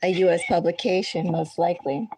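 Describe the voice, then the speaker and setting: A woman's voice: lowish voice, fairly even intonation, fairly quick, mellow, a little hiss or hum. A woman hosting a tarot reading, talking in a casual, rambling way that drifts into side stories and corrects itself as she goes. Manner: rambling, digressive, self-correcting. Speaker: tarot reader. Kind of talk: casual chatty astrology reading.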